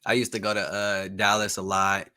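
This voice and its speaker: Bright-voiced male podcast host. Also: on the low side, moderate pace, clean tone. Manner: relaxed, rambling, lots of fillers. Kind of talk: casual interview chat.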